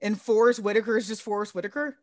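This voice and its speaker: A woman co-hosting a podcast in casual chat, sarcastic and profane with quick asides. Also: mid-range voice, steady tone, darkish tone, dry recording, clean studio sound. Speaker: podcast co-host.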